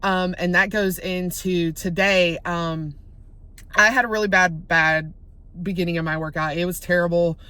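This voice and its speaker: A woman's voice: on the low side, steady tone, normal speed, pushed and bright, smooth, no room sound. A woman, talking casually and rambling to her viewers in a vlog, filmed on a phone from her car. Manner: chatty, rambling, easily sidetracked. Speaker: vlogger.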